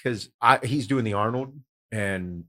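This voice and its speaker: A middle-aged man hosting a podcast in casual, animated chat, swearing freely and telling stories. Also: fairly low pitch, unhurried. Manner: animated, swearing, storytelling with quoted voices. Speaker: podcast host.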